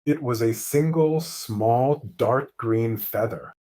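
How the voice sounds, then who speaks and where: A man narrating a mystery story slowly and clearly as host of a lesson for English learners. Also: medium pitch. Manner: calm, clear, deliberate.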